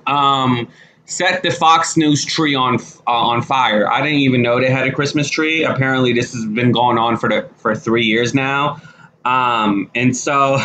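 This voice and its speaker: Slangy animated man ranting casually. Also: mid-range voice, slight background noise. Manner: animated, slangy, frequent fillers and restarts. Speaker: commentary vlogger. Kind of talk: casual commentary.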